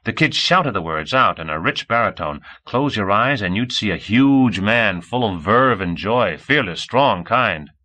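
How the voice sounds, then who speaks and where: A man narrating an audiobook in a steady, even reading voice. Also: lowish voice, unhurried, few pauses, poor audio. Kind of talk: scripted narration.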